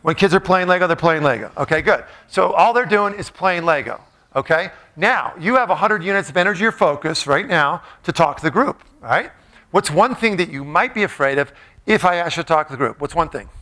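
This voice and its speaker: A man's voice: fairly high pitch, animated, fairly quick, sharp tone. A man giving a playful, jokey motivational talk, quizzing a live audience in a large room. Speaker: motivational speaker.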